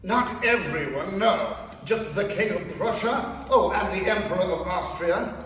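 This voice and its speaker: A man voicing a vain, theatrical American father with a rich, booming voice and a grand, self-important manner. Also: expressive, unhurried, a bit bright, recorded from a distance, a little hiss or hum. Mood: grandly boastful. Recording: echoey hall, voice heard from afar.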